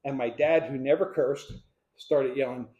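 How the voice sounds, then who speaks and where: A man in his sixties from Pennsylvania telling his life story to a live audience, acting out what people said as a lively storyteller. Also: medium pitch, a little slow, highs cut off. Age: 60s. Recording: echoey room.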